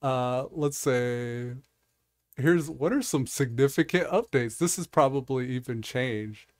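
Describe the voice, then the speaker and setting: A man's voice: mid-range voice, takes it slowly, a little mellow, no echo, clean studio sound. A man hosting his own vlog in casual chat, rambling and laughing often as he talks. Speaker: vlog host.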